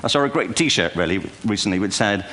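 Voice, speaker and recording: An older keynote speaker, voice fairly low, a bit bright and lively in intonation, moves at a brisk pace before a live auditorium audience. His humorous lecture leans on wry, self-deprecating tales and side remarks.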